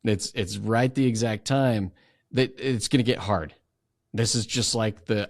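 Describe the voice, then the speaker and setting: A man with a low-pitched voice talks through ideas as a podcast guest, animated and quick to act out the inner voices he describes. The sound is dry and close, with little room around him. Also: no echo. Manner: animated, acts out inner voices while explaining. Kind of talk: conversational explanation.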